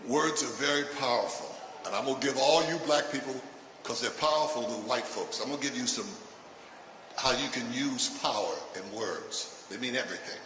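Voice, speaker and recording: An older man doing stand-up comedy with a provocative, punchy delivery that breaks into shouts. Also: mid-range voice, brisk. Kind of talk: stand-up routine. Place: live comedy stage. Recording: echoey live venue from a distance with noise.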